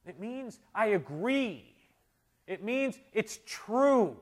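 A male pastor preaching a sermon, moving between loud emphatic climaxes and quiet, intimate stretches. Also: sits high, sing-song, very slow. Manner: tells humorous anecdotes, shouting quoted amens.

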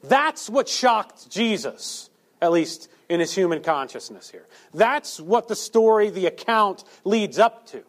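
A male preacher delivers a sermon with a high, animated voice that swoops far up and down. He keeps asking his listeners rhetorical questions and acts out the quotes he gives. His pitch stays well above most men's. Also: unhurried.

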